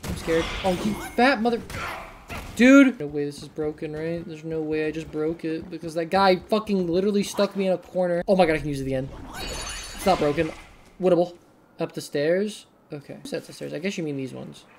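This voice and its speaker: A woman's voice: low-pitched, a little fast, slight background noise. A young woman streamer giving casual gameplay commentary, swearing often and talking to herself as she plays. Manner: profane, excitable, talks to herself.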